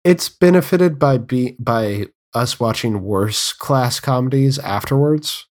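A man with a medium-pitched voice co-hosts a casual movie podcast. He speaks in short, dry remarks with a wry edge. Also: lively intonation, takes it slowly. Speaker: podcast co-host. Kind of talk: casual film podcast chat.

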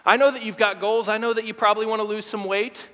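A male pastor preaching a sermon emphatically, repeating words and slowing to stress key lines. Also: high-pitched, steady tone, bright, forceful tone. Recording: long hall reverb.

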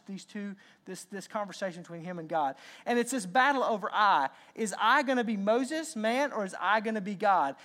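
A man preaching a sermon as pastor, animated and repeating words as he acts out lines. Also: high-pitched.

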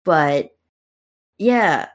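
A woman's voice: deep voice, lively intonation, very slow. A woman co-hosting a podcast, chatting with amusement about a comic, with lots of fillers. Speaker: podcast co-host. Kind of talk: casual discussion of a comic.

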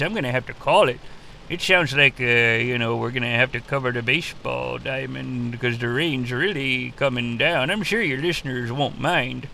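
A man's voice: medium pitch, gravelly, sharp tone. A man playing a rambling, easily sidetracked old wrestling-family patriarch in a comedy podcast. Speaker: podcast host character. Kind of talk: improvised comedy character monologue.

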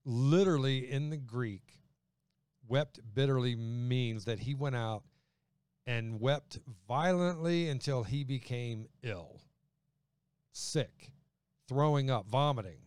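Smooth-voiced man preaching conversationally. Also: medium pitch, slow, a little mellow, dry recording. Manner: conversational, acts out quoted voices. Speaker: pastor. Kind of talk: sermon.

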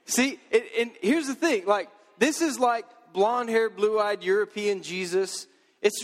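A male pastor preaching a sermon in a casual, joking, lively way. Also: high voice, in a large hall.

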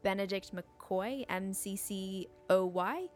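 A woman voicing a brisk older head nurse in a tabletop game, crisp and matter-of-fact. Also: medium pitch, a little mellow, soft background music, close to an everyday voice.

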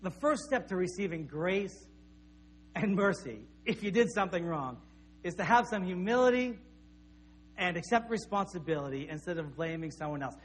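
A man's voice: high-pitched, expressive, normal speed, slight background noise. A middle-aged man, preaching a sermon in a conversational storytelling manner with frequent restarts. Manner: conversational, anecdotal, with repeated restarts. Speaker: pastor.

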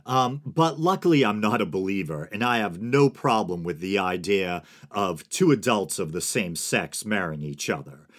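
This is a man in his forties from the United States, hosting his own podcast alone. His voice sits on the low side. He talks in a loose, digressive way, with wry asides that he chuckles at. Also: expressive, moderate pace, hardly any pauses. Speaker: podcast host. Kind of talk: solo podcast commentary.

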